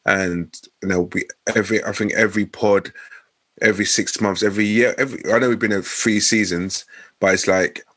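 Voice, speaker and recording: A man co-hosts a podcast, rambling thoughtfully and searching for his words. His voice is on the low side and the recording is dry and close. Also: fairly bright tone, no echo. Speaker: podcast co-host. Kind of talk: casual chat.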